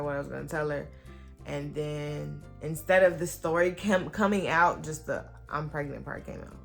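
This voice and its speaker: A woman vlogger telling a personal story to her viewers, animated and full of fillers. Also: sits low, gravelly. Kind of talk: storytime vlog.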